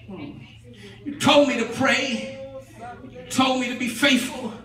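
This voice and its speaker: A man preaching a sermon as pastor, rising into shouts and sing-song runs with the congregation answering. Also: very high-pitched, unhurried, a crowd in the background. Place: church sanctuary. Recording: echoey church heard from far off, with music and congregation.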